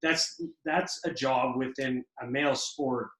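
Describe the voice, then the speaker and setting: A man co-hosting a casual hockey podcast, jokey, cutting in often and quick to laugh. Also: medium pitch, steady tone, a bit bright. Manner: joking, interjecting, laughs easily. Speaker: podcast co-host. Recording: echoey room.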